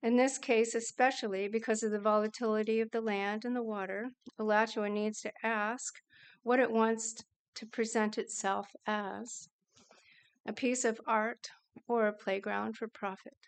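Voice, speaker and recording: A woman reads a prepared statement in a smooth, clear voice. Her pitch sits fairly high but stays flat and even. She speaks in a measured, earnest way. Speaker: public commenter. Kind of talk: prepared statement at a council meeting.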